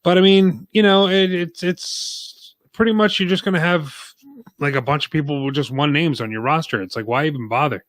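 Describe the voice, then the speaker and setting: A man's voice: fairly high pitch, moderate pace, no room sound. A man co-hosting a casual wrestling podcast, voicing blunt, dismissive opinions. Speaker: podcast co-host.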